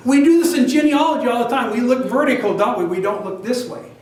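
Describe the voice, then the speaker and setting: An older man telling a lively personal story to an audience, acting out the other people's lines as he goes. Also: extremely high pitch, fast. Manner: animated, self-described big talker, acts out both sides of dialogue. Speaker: genealogy society presenter. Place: meeting room with an audience. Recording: very echoey room, mic at a distance.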